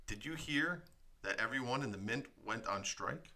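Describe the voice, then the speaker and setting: Chill radio co-host guy, teasing, mid-pitched voice. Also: lively intonation, moderate pace. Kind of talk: casual comedy radio chat.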